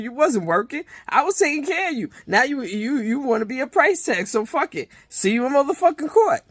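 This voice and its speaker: A woman's voice: mid-range voice, dry recording, clean studio sound. A woman giving a casual, profane recap of a reality show episode, retelling scenes animatedly with many restarts. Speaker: reality TV reviewer.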